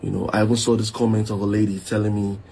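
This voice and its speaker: A man's voice: lowish voice, flat delivery, quick pace, vocal fry, mellow, slight background noise. A man making an apology video, speaking hesitantly with many fillers.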